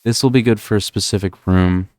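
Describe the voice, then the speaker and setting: A young man with a New Jersey accent rambles through live-stream gameplay commentary in a deep, low voice. He thinks aloud, circling back with ums and likes. The sound is dry, with no room echo. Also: fairly even intonation, brisk, a little mellow.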